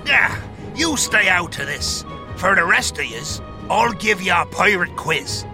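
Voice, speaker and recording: A gruff British pirate, boisterous and bossy, as a man puts him on for a kids' podcast. His voice is gravelly and pitched high, dragging out every word. Music plays behind him. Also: sing-song, a little slow, exaggerated voice. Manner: growly pirate talk, playful and bossy. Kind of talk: children's educational podcast.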